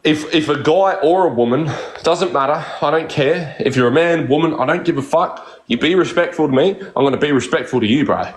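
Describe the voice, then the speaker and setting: A man's voice: a little high, brisk, reverberant, poor audio. A man with an Australian accent ranting on a live stream, crude and defensive, swearing constantly. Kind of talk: heated live-stream rant.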